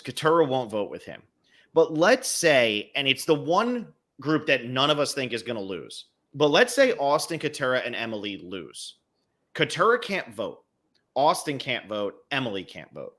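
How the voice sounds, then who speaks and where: A man's voice: medium pitch, fairly bright tone. A man co-hosting a casual podcast, analytically talking through scenarios step by step. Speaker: podcast co-host.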